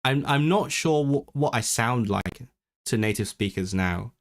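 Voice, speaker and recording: A man's voice: mid-range voice, measured pace. A man livestreaming casually about learning languages, thinking aloud with many restarts, reading chat and trying out learner's Welsh. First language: English. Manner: switches into learner's Welsh with lively intonation. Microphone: desk microphone.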